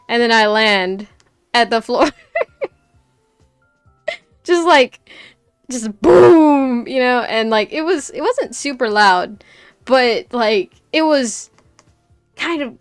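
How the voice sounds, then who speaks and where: A woman streamer chats through a story in a loose, animated way, breaking into laughter often and leaning on fillers. Her voice sits a little high and rings smooth and clear. Faint music plays behind her dry, close sound. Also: measured pace. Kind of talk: casual storytelling chat on stream.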